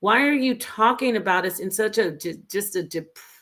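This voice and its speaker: A woman's voice: medium pitch, normal speed, fairly bright tone. Earnest woman host giving critical commentary. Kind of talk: casual commentary.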